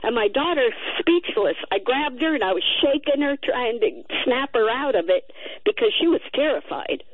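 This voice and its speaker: A woman calling in to a radio show, telling a story with excited, lively delivery. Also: sits high, moderate pace, no echo. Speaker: caller. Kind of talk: call-in radio chat. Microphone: telephone. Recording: tinny phone line.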